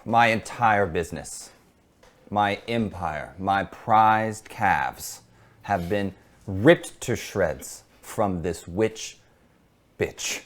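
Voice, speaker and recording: Man voicing a pompous merchant, deep voice. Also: drawn-out words. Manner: pompous, formal speech. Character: pompous vengeful male merchant guild leader.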